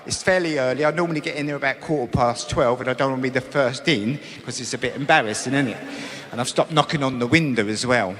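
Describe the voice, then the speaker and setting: A man doing a brash stand-up routine on a comedy stage, breaking into loud put-on voices. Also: medium pitch, quick pace. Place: comedy venue stage with a live audience. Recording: echoey hall with loud audience laughter.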